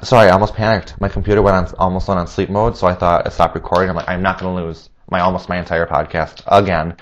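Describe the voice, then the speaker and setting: A man's voice: flat delivery, fast, highs cut off, a little hiss or hum. A man hosting a solo podcast, a little nasal, chatty and rambling, laughing at his own jokes. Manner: acts out quoted voices in a higher pitch. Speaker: podcast host.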